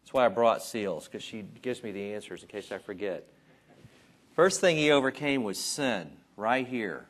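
A man with a lowish voice gives a relaxed, chatty sermon. He puts on voices for the people in his stories and pokes fun at himself along the way. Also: moderate pace. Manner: conversational, acts out voices and jokes about himself. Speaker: Bible teacher. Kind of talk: informal sermon. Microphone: taped.

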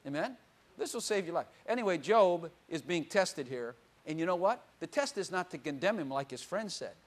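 An older man preaching a sermon, animated, swinging from loud exclamations to quiet asides and laughing often. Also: high-pitched, normal speed.

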